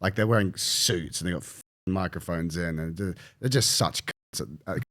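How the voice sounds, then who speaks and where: A man chatting as a podcast guest, rambling and swearing, with lots of restarts and animated storytelling. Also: low voice, moderate pace. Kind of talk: casual podcast chat.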